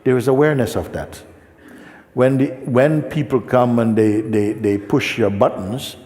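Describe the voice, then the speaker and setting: A man speaking as a spiritual teacher, talking gently and unhurriedly to a seeker and often checking in with questions. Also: medium pitch. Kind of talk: spiritual talk answering a seeker. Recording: long hall reverb.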